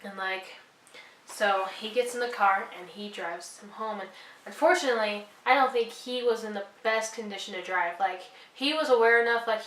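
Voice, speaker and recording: A woman's voice: mid-range voice, fairly bright tone, roomy sound, distant mic, poor audio. A young woman vlogger telling a personal story, earnest and apologetic, rambling with lots of fillers. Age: young adult.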